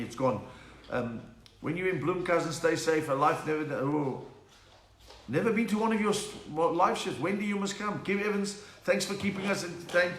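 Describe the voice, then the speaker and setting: Speaking from home on a livestream, this middle-aged comedian with a South African accent chats with viewers and cracks jokes, now and then breaking into laughing snatches of song. His voice is on the high side and a bit bright, recorded in an echoey room with faint hiss.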